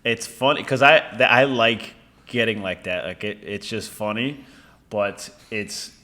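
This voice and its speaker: Chill guy on a podcast, kinda low voice, swears a bunch, laughs a lot. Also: unhurried, pushed and bright. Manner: laid-back, swears, laughs often. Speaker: podcast co-host. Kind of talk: casual chat.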